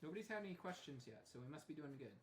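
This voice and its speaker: A man's voice: on the high side, very animated, racing, slight background noise. A man co-hosting a painting lesson, adding brief matter-of-fact remarks. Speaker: co-host painting along. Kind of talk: casual chat. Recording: echoey room from off-mic.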